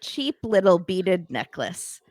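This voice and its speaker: A woman's voice: fairly low pitch, very animated, slow pace, darkish tone, no echo. Woman, podcast host, casual recap chat, sarcastic, laughing, dry close mic. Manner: sarcastic, laughing, quotes people in put-on voices.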